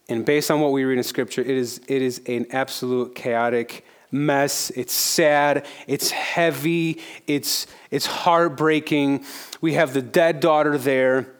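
A man preaching a sermon in a relaxed, conversational style. His voice sits somewhat high for a man, and he circles back on phrases to stress them. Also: clear, resonant tone. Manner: conversational, repeats phrases for emphasis. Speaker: pastor.

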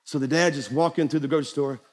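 A man's voice: on the high side, steady tone, fast talker, darkish tone. A man preaching a folksy, joking sermon to a conference crowd in a large hall. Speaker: pastor. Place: large hall with live audience. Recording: long hall reverb, faint crowd and noise.

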